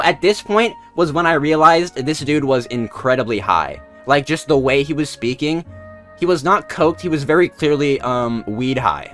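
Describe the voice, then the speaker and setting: Laughing, animated male streamer. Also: on the high side. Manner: laughs often, swears freely, lively. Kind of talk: casual storytime chat. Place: his room at home.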